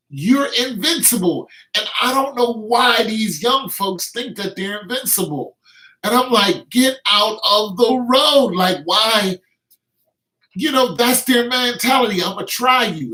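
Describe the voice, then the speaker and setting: A man's voice: high-pitched, bright, forceful tone. A middle-aged man ranting to camera in a vlog, emphatic and repeating words as he stresses his points. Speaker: vlogger. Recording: roomy echo.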